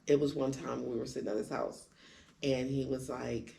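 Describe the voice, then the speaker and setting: A woman candidly telling her own story in conversation, acting out quoted lines with sudden jumps in pitch. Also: flat delivery, moderate pace, creaky, dark tone. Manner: acts out quoted dialogue with big pitch jumps. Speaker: guest sharing her story.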